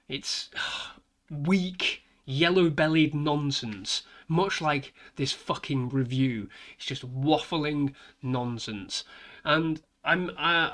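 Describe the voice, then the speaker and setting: A man's voice: fairly high pitch, a bit bright. Exasperated man ranting. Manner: exasperated, sighing, swearing rant. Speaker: film reviewer. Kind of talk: ranting film review.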